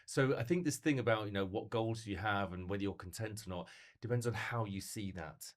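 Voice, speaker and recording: Here a middle-aged man with a voice on the low side speaks briskly as a motivational speaker. It's casual podcast talk, lively and anecdotal, with rhetorical questions throughout.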